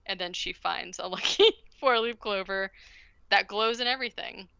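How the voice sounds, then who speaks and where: A woman's voice: on the high side, fairly quick, gravelly, bright, forceful tone, clear, resonant tone, no echo, muffled recording. A woman co-hosting a podcast, recapping a film in casual chat and acting out the characters' lines with energy. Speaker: podcast co-host.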